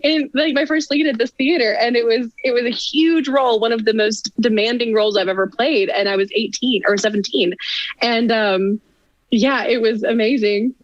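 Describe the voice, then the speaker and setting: A woman guest on a podcast interview, telling stories in an animated, chatty way. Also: fairly high pitch, normal speed, dry recording, dull audio. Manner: animated, chatty, frequent laughter. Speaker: guest performer. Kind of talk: casual interview storytelling.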